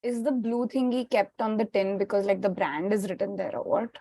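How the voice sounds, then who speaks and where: A woman playing in a quiz, giving quick, chatty answers. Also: mid-range voice, fairly even intonation, dark tone. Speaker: quiz contestant.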